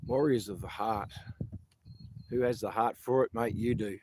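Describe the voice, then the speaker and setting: Aussie bloke, casual activist vlogger, low-ish voice, rambling and earnest, light background hiss. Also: male voice, steady tone, moderate pace, a little mellow. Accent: Australian. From Australia. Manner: rambling, earnest, says mate a lot. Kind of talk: casual livestream talk.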